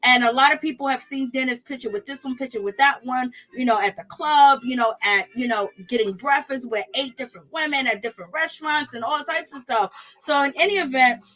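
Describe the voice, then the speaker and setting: A woman hosts a casual reality-TV review, talking in a loose, gossipy way and laughing often. Her voice sits high. She keeps her tone animated and chatty throughout. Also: fairly quick. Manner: animated, gossipy, laughs often, African American Vernacular phrasing. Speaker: reality TV reviewer and channel host. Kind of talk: casual commentary, live-chat shoutouts.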